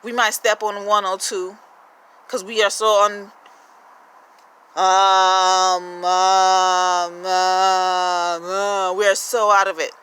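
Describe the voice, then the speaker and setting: A woman's voice: mid-range voice, flat delivery, slow pace, long pauses, a bit bright, smooth, low-quality recording. A woman giving a rambling, profane spiritual monologue, firing off rhetorical questions with emphatic energy. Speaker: spiritual vlogger.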